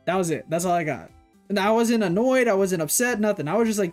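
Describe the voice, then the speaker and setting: A streamer chatting casually on a livestream in a rambling way, whose voice leaps high when excited. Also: a little fast, faint music behind. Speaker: streamer reacting to game announcements.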